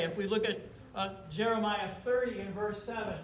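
A man preaching from the pulpit in a high voice, leaning hard on key words and stretching them out slowly. Between the heavy emphases he turns casual and chatty with the congregation. The sound carries the echo of a large church room, with faint ambience behind. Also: fairly even intonation, fairly bright tone, slight background noise. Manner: emphatic preaching, drawn-out stressed phrases, casual asides to the congregation. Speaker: pastor. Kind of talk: sermon. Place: church sanctuary before a congregation. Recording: roomy echoey church sound.

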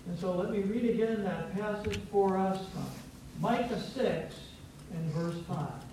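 A high-pitched male pastor delivers a playful, teacherly sermon, coaxing the congregation to say words back to him. He sounds far off from the mic. The church rings with a heavy echo, over a faint background hiss. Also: a little slow, darkish tone. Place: church sanctuary. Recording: very echoey church, distant from mic.

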